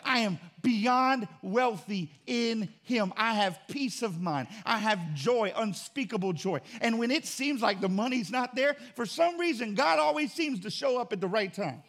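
A man preaching a sermon as pastor, emphatic and repetitive in cadence, swinging between loud and quiet. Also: high voice, expressive, normal speed, vocal fry, few pauses. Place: church.

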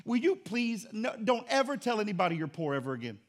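High-voiced preaching pastor, emphatic. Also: male voice, very animated, fast talker. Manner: emphatic, swings from loud to quiet; repetitive preaching cadence. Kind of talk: sermon. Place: church.

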